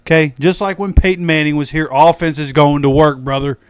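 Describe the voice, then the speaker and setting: A man's voice: a little high, brisk, clean tone, no room sound. Ranting man with a dry close sound. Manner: animated, preachy, addresses viewers directly. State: recovering from lost voice. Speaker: fan channel host. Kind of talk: casual livestream rant.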